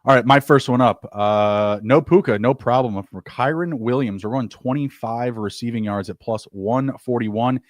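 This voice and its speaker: A man co-hosting a sports betting show, laying out player props and teasing his co-host in quick banter. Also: medium pitch, dry recording, studio quality. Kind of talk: casual sports betting chat.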